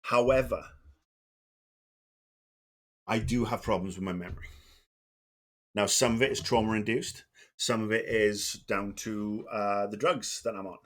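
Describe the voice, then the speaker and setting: A man's voice: fairly low pitch, fairly even intonation, unhurried, pauses often. A middle-aged man streaming live, chatting casually in a meandering, profane, self-deprecating way. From Wales.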